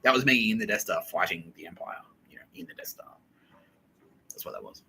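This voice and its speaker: Profane rambling man, bright voice. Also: fairly low pitch, fairly quick, slight background noise, low-quality recording. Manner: profane, laughing, acts out quotes. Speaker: podcast host. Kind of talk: rambling monologue.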